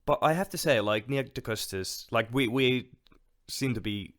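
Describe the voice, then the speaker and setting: A man's voice: mid-range voice, normal speed, a bit bright, no room sound, clean studio sound. A man co-hosting a podcast in a casual film discussion. He speaks hesitantly, with many fillers and restarts. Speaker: podcast co-host.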